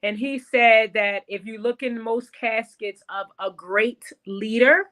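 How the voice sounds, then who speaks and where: Salon-owner guest, woman; bright, lively storyteller. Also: on the high side, takes it slowly. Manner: animated storyteller, calls the host girl. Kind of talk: casual interview chat.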